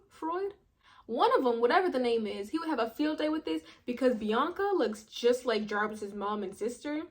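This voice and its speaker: Young woman, casual recap, slangy and chatty, slightly high voice. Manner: chatty, slangy, acts out quotes. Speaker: reality show recapper.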